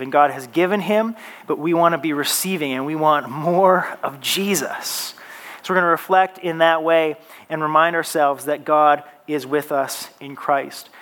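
Male pastor, earnest preacher who builds through repetition, voice sits a touch high. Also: fairly bright tone. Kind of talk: sermon. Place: church.

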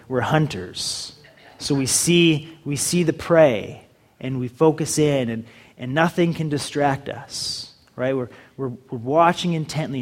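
A man preaching a sermon in a humorous, conversational way, acting out little dialogues with the audience. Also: a little high. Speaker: pastor.

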